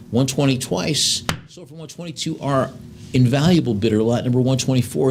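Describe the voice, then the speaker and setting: Gravelly male auctioneer calling bids. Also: medium pitch, slight background noise. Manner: fast bid calls between slower lot descriptions, with fillers.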